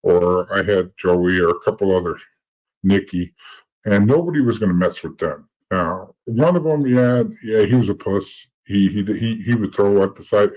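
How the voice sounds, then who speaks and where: On a rough recording, a middle-aged man with a deep, darkish voice speaks at normal speed. A former informant and podcast guest, he tells casual stories from his past, blunt, profane and prone to repeating words.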